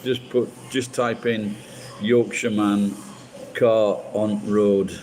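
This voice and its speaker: A man with a Sheffield accent chats loosely with his viewers, often restarting his sentences. His voice sits a little low and sounds warm and relaxed. A faint hiss of noise runs under the recording. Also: slow, rough recording. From Sheffield, England. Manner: rambling, with frequent restarts. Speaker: livestream host chatting with viewers. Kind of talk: casual chat.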